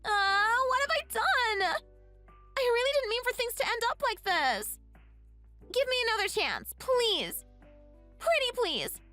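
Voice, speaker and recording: A woman voicing a very high, bright, pleading young woman. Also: sing-song, measured pace, long pauses, soft background music, heavily acted. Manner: pleading, repeats apologies. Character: young woman begging forgiveness, whiny and sly.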